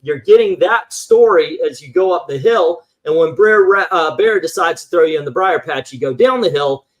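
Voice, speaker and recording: A man's voice: fairly high pitch, expressive, moderate pace. A man talking in a casual livestream chat, ranting animatedly and acting out voices as he tells a story. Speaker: livestream co-host.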